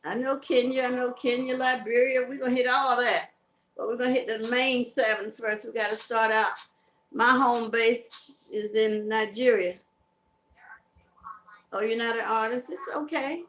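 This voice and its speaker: A woman's voice: fairly high pitch, steady tone, normal speed, fairly bright tone, echoey room, rough recording. A woman with a Southern US accent, hosting a casual live stream, chatting, laughing and reading out viewer comments. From Carolinas, US South. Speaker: live-stream host promoting a music tour.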